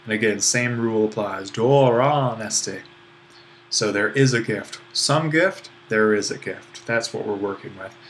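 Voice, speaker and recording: A man's voice: fairly low pitch, normal speed, few pauses, fairly bright tone, slight background noise. A man teaching a recorded online lesson on Greek accents, explaining step by step in an easygoing way, with fillers and self-deprecating asides. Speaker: Greek language instructor.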